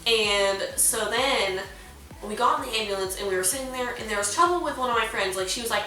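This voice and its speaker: Chatty young woman, bright echoey voice. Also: fairly high pitch, brisk. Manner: chatty, heavy use of "like", acts out quoted lines. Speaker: vlogger. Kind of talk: casual storytime vlog. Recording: very echoey room, distant mic, faint music.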